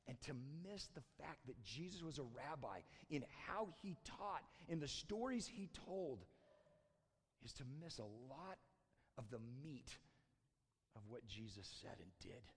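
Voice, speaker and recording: A male pastor preaching a sermon in church, retelling a parable and acting out its voices, jumping from shouts to near-whispers. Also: a little high, breathy edge, in a large hall. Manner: storytelling, acting out quoted voices, swings from loud shouts to hushed near-whispers.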